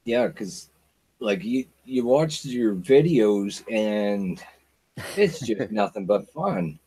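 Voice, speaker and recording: Man, host, slow talker, husky mellow voice, joking interview questions. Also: on the low side, animated. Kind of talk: casual interview chat.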